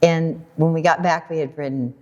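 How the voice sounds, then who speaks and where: An American woman telling a personal story in a casual talk, animated and laughing often while she acts out what people said. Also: low voice, moderate pace, lo-fi sound. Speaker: guest storyteller.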